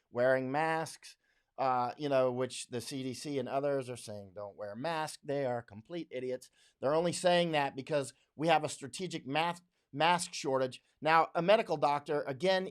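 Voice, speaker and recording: Blunt, combative man ranting on a livestream. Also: a little high. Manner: blunt, combative, repeats himself. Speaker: livestream host, war correspondent. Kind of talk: live-stream commentary.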